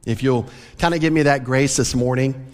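A man's voice: mid-range voice, fairly even intonation, moderate pace, long reverb tail. A man preaching a sermon as pastor, from the American South, speaking earnestly and conversationally with light laughs. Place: church sanctuary.

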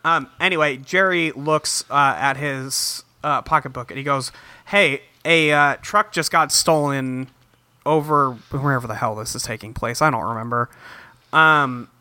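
A man co-hosting a casual podcast chat, recapping a cartoon and acting out the characters' lines in quick put-on voices, swearing freely. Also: medium pitch, pushed and bright, no room sound. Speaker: podcast co-host.

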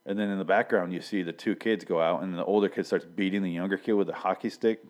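A man's voice: sits low, steady tone, fast, darkish tone. A man casually recapping a TV episode, rambling and profane, with dry jokes and frequent restarts. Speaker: show reviewer.

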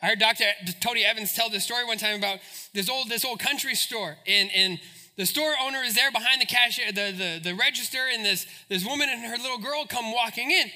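A pastor preaching a sermon in an animated, joking, storytelling way. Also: male voice, very high voice, a little fast.

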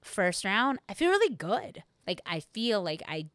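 A woman co-hosting a podcast, telling a story in a casual, lively way, swearing freely and acting out her own past thoughts. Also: medium pitch, a little slow, no echo. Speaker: podcast co-host.

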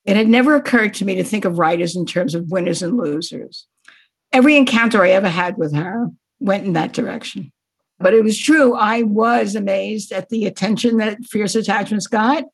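A woman's voice: mid-range voice, moderate pace, vocal fry, breathy edge. An older woman author telling wry anecdotes in an interview, laughing often as she talks. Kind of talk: reflective interview storytelling.

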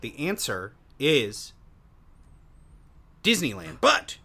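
A man's voice: mid-range voice, moderate pace. A man hosting a casual podcast guessing game, teasing and laughing as he tells stories. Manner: animated, teasing, laughs while telling stories. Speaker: host.

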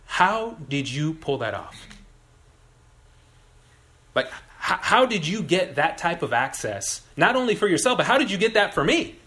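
A man with a fairly high voice preaching a sermon. He talks in a loose, conversational way and tells everyday stories to make his point. He keeps turning to the room with quick questions. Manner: conversational, animated storytelling with audience questions. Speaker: pastor.

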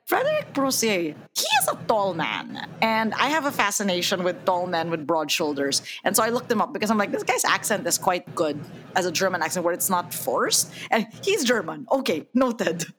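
A woman's voice: on the low side, big pitch swings, moderate pace, crowd noise, rough recording. A woman co-hosting a podcast, chatting casually and with strong opinions about a movie, laughing often. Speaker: podcast co-host. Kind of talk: casual movie review chat.

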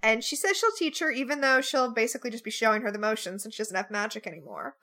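A woman's voice: on the high side, fast. A woman co-hosting a podcast, recapping a show in casual, enthusiastic chat. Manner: enthusiastic, animated storytelling. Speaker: podcast co-host.

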